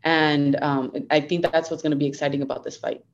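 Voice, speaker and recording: Young woman guest, lowish voice, earnest upbeat chat, kinda dull lo-fi sound. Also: little pitch movement, brisk, slight background noise. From United States. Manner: earnest, upbeat, code-switches Spanglish. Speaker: guest fighter. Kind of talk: casual interview chat.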